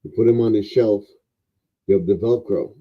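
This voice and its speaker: A man hosting a casual livestream, chatting in an unhurried way and talking to a toy. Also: fairly low pitch. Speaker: livestream host. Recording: dull lo-fi livestream audio.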